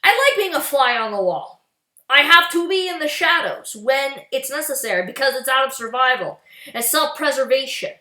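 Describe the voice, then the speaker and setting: Furious profane woman ranting, high voice. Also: expressive, moderate pace, bright, forceful tone, echoey room. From Canada. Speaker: political vlogger. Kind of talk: angry political rant.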